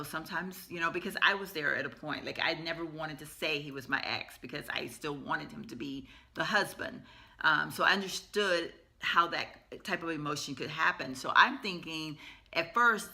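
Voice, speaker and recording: A middle-aged woman recounts a painful personal story straight to camera, in a storytime vlog. Her voice is very bright and forward. She talks in an emotional, halting way, full of fillers and restarts. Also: low-pitched. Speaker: vlogger.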